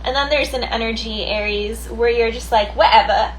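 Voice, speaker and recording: A woman's voice: fairly high pitch, fairly even intonation, moderate pace, slight background noise, low-quality recording. A woman doing a casual tarot card reading, chatty, thinking aloud and laughing easily. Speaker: tarot reader.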